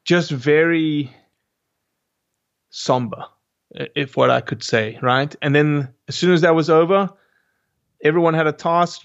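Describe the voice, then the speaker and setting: A man with a South African accent and a medium-pitched, slightly bright, clear and resonant voice appears as a guest in a casual conversation; he's a hunter. He speaks slowly, often stopping to search for words and restarting many times. The recording's highs are cut off.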